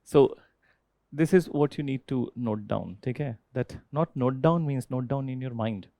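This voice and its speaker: A man's voice: mid-range voice, measured pace, mellow, no room sound. Indian man lecturing a history class. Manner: quizzes students, repeats key phrases, tags with "okay?". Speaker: history teacher.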